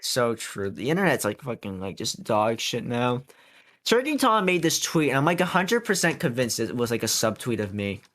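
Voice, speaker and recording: A man's voice: medium pitch, sing-song, normal speed, fairly bright tone. Young man rambling in casual chat. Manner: rambling, filler-heavy and profane. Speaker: podcast co-host.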